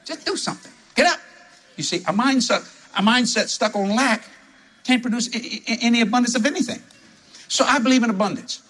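A man from New preaching a sermon full of stories, animated and laughing as he talks, jumping to high exclamations. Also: brisk. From New Orleans.

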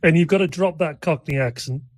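A man's voice: on the high side, brisk, no room sound, poor audio. Wry man as a talk show guest. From United Kingdom. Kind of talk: casual radio talk show chat.

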